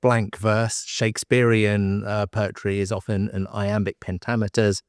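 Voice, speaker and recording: Low-voiced male podcast host, dry sound. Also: flat delivery, unhurried, smooth, dry recording. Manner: thoughtful, restarts and repeats words while building points. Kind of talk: explanatory podcast conversation.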